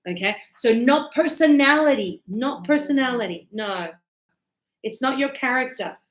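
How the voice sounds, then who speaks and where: A woman's voice: sits high, animated, moderate pace, roomy sound. A middle-aged woman teaching a grammar lesson to a class, acting out little scenes with voices as examples. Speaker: English teacher.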